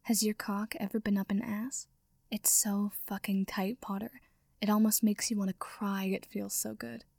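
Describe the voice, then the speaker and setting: A woman's voice: a little high, fairly even intonation, normal speed, darkish tone, no room sound, close to an everyday voice. Woman reader doing a sneering, growling young vampire man in an audio fic, dry close sound. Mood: whispering. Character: predatory young male vampire, taunting and crude.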